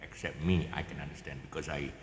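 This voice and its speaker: A man's voice: rumbling low, steady tone, fast, roomy sound, big-room sound, a little hiss or hum. A man with a Malaysian English accent giving a casual guitar tutorial, rambling with many fillers and restarts and chuckling often, recorded outdoors. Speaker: guitar teacher. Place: outdoors, in the open.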